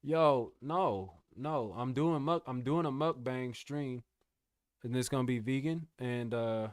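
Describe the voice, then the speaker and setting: A man's voice: mid-range voice, slow, no room sound, clean studio sound. A young man chatting casually with his live-stream viewers, laid-back and slangy, calling them bro and y'all. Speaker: music producer streamer.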